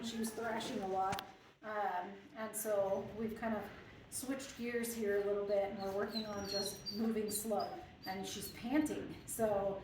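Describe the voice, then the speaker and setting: Dog trainer woman in an echoey room. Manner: low, hushed tone with the dog, plain explaining to viewers. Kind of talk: live training demonstration with commentary. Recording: very echoey room, mic far off, background noise.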